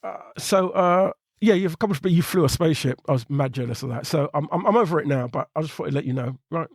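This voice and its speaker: A man hosting a podcast in a playful, teasing way, with lots of quick agreeing. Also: fairly high pitch, dry recording, studio quality. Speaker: podcast host. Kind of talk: casual chat.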